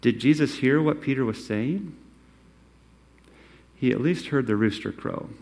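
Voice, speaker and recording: A man preaching a sermon, acting out quoted lines and swinging between loud, emphatic phrases and hushed ones. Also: mid-range voice, measured pace, gravelly. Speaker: pastor.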